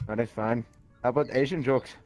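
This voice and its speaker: A man's voice: medium pitch, brisk, darkish tone, pitched below the performer's own voice, close to an everyday voice. A man voicing a crude, bumbling male leprechaun stand-up comic who stumbles and repeats himself, over voice chat with music behind.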